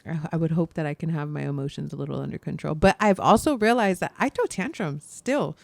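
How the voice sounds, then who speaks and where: A young woman co-hosting a podcast, chatting casually, laughing often and dropping softer when she turns reflective. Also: deep voice, quick pace, creaky, no echo. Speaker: podcast co-host. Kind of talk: casual chat.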